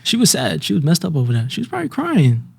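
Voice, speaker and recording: A man co-hosting a casual podcast, teasing the others with quick jabs. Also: on the high side, wildly swooping pitch, gravelly, darkish tone, breathy edge. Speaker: podcast co-host. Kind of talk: casual chat.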